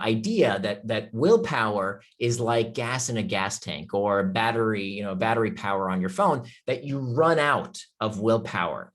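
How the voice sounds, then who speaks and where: Speaking in a mid-range voice, this author and speaker delivers a passionate video-call talk packed with emphatic rhetorical questions. Afterward he shifts to calmly answering questions the audience posts in the chat.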